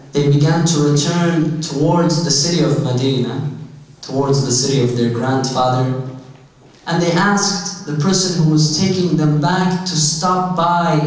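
A man delivering a sermon, telling a religious story and building into an impassioned lament. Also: a little high. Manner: rising to an impassioned, lamenting cry. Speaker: speaker at a mourning gathering. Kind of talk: sermon, recounting a religious narrative. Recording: echoey hall, distant mic.

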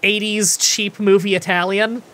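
A woman's voice: mid-range voice, fairly even intonation, unhurried, fairly bright tone. A Canadian woman from Ontario hosts a co-op game session in loose, chatty commentary. She jokes freely and drops casual swear words. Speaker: gaming channel host. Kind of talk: casual multiplayer gameplay commentary.

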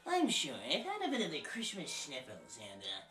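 A woman's voice: deep voice, huge pitch swings, moderate pace. A woman hosting a homemade comedy show, rambling crudely and erratically in a put-on posh accent. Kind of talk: rambling improvised comedy monologue. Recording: echoey room, far from mic, loud music behind.

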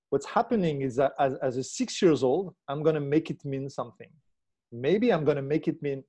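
Speaking a little fast with lively intonation, this relationship coach has a mellow, husky voice on the high side. He reflects on his ideas in an interview, checking in with the listener via tag questions.

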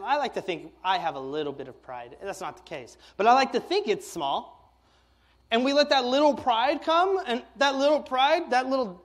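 A young man preaching a sermon as youth pastor, animated and tripping over his words when excited. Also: very high voice.

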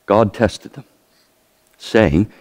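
A man's voice: fairly low pitch, extremely slow, a little mellow, big-room sound. A man preaching a sermon as pastor, questioning his congregation often. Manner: asks the congregation many questions.

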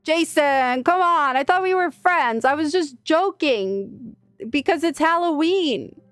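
A high-voiced, joking young woman gamer. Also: slow pace, no echo, faint music behind. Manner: joking, excitable, chatty. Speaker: gaming streamer. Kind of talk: casual playful gameplay commentary.

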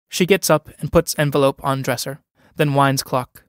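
A man reading the stage directions of a play aloud in a plain, brisk way. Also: mid-range voice, fairly even intonation, a bit bright, dry recording, clean studio sound. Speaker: reader of a play.

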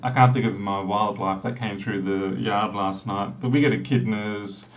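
Man, Australian accent, middle-aged, low voice, casual coding chat, faint hum behind, distant mic, room echo. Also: fairly even intonation, moderate pace. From South Australia. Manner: rambling, joking asides while typing. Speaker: programmer live-streaming. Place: small room with a door.

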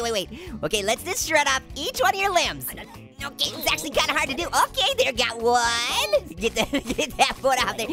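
A high, very lively woman's voice giggles and puns her way through a game. She talks at an unhurried pace while teasing the character on screen. Game music plays clearly behind her. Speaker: gaming host. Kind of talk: playful let's-play commentary.

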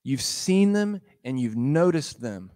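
A man's voice: mid-range voice, slow. A man giving a sermon in a conversational style, retelling a gospel story and acting out its dialogue in voices. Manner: animated, acts out the dialogue in voices; conversational, with fillers and laughs. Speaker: pastor.

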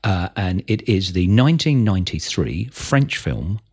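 Host guy in a comedy club, low husky voice, gushing and joking with the guest. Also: big pitch swings, unhurried, a little mellow. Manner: enthusiastic, effusive, bantering. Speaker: podcast host. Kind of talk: casual interview.

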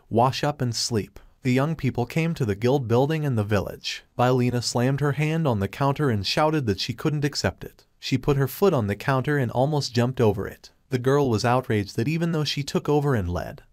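A man giving a scripted, even third-person narration of a comic story. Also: medium pitch, dry recording, studio quality. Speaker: recap narrator.

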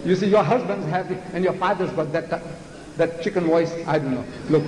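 Forceful high-voiced man in his 70s. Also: a little fast. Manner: forceful, theatrical, with mocking imitations. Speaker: Islamic lecturer. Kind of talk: public religious lecture. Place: large lecture hall. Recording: echoey hall with faint noise.

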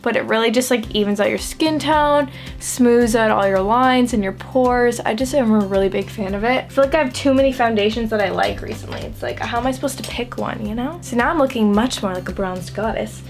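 A young woman with a slightly raised voice, chatting casually as she walks through her makeup routine. She pokes fun at herself and scatters "like" all through her talk, with soft music playing faintly behind her. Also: a little high, a little fast. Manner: chatty, self-deprecating, heavy use of "like". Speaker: beauty vlogger. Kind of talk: casual makeup tutorial chat.

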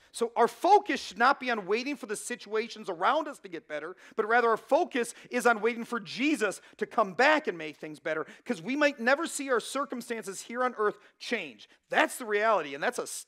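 A man's voice: sits high, fairly bright tone. A man in his thirties preaching a sermon as pastor, in a conversational way with frequent asides to the room. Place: church.

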